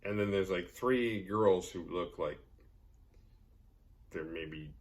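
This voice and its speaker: A man's voice: sits low, slow pace. A man hosting a horror movie podcast, recapping a film in a rambling, sarcastic, profane way. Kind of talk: casual movie recap with jokes.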